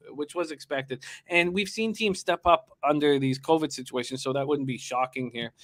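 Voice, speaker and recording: A man hosting a live sports betting show, rattling off betting lines quickly and hyping up his guests. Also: medium pitch, fairly bright tone. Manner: rapid-fire reading of betting lines.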